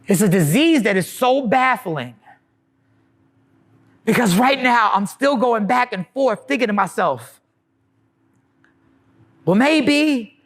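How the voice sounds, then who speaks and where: A man delivering a comic stand-up style monologue, animated and mocking the voices of others. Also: extremely high pitch, takes it slowly, pauses often. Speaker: comedian.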